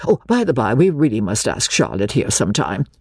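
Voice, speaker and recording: A woman's voice: extremely low pitch, sing-song, brisk, slightly rough, dry recording, studio quality, full character voice. A woman voicing a bustling, scatterbrained middle-aged mother in an audiobook. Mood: fussy. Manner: fussy, exclamatory.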